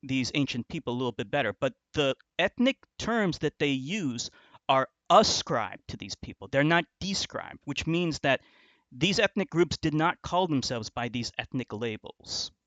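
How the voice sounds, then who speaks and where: A man with a mid-range voice, lively intonation, and a moderate pace sounds a bit bright, though the audio is dry and dull. As a commentary video host reacting to an online argument, he speaks with scorn, insults people, and keeps restarting his sentences.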